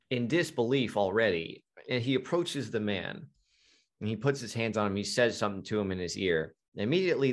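A middle-aged man, a guest hypnotherapist, tells a story in an animated, emphatic way with frequent restarts. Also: lowish voice. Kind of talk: storytelling in a conversation.

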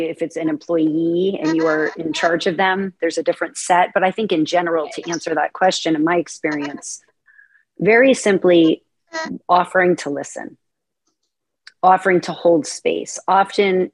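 A woman guest on a radio talk show speaking calmly and thoughtfully about supporting others. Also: lowish voice, no echo. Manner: calm, measured, thoughtful. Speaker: guest, burnout coach. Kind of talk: interview conversation.

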